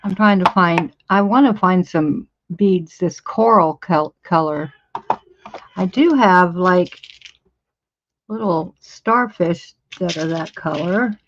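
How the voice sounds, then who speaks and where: Slow-talking emphatic woman over fifty. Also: on the low side, highs cut off, slight background noise. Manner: emphatic, repeats words for stress, laughs often. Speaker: livestreamer. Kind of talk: casual storytelling livestream. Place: home art studio.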